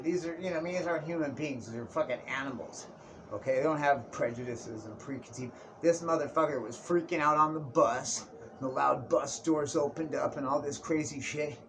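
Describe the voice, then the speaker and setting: A young man with a somewhat high voice tells a rambling comic story, swearing freely and calling his listener dude and bro. A faint hiss of room noise sits under him. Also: fairly bright tone. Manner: profane, slangy, keeps saying dude and bro. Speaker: vlogger. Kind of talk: casual comedic storytelling. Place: indoors, Tijuana area.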